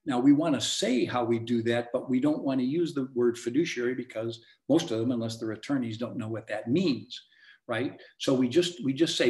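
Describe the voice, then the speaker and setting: A man leads a sales training session for real estate agents and drives his points home with emphatic coaching. His voice sits at an ordinary middle pitch. The sound carries a noticeable roomy echo. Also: normal speed, a little mellow. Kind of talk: coaching seminar talk. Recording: echoey room.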